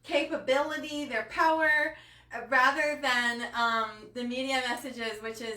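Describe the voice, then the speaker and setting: A woman's voice: sits high, fairly even intonation, a little slow, sharp tone. A woman coach hosting a live talk to her viewers, passionate and emotional, with many fillers. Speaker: coach hosting a live body-image training. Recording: roomy sound from a distant mic.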